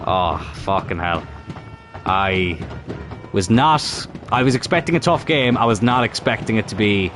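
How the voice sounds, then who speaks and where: A man's voice: low-pitched, background noise. A man commentating his own football game as he plays, exasperated and swearing, urging on his players. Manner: frustrated, swearing, talks to the players on screen. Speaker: gaming YouTuber playing a football career mode. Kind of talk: live gameplay commentary.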